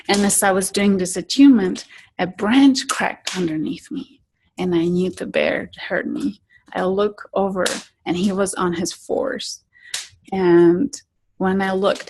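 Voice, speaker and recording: A woman telling personal stories as an interview guest, softly and earnestly, sometimes dropping to a whisper. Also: mid-range voice, fairly even intonation, measured pace, a little hiss or hum, poor audio. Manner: soft, earnest, drops to whispers in tense moments. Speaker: interview guest, spiritual guide. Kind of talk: storytelling in an interview.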